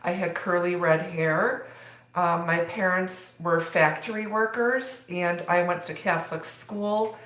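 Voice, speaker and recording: A woman with a slightly low voice gives a live tarot reading. She rambles, leaning on fillers, and her voice rings in an echoey room. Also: steady tone, slow, a bit bright. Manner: rambling, filler-heavy delivery. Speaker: tarot reader.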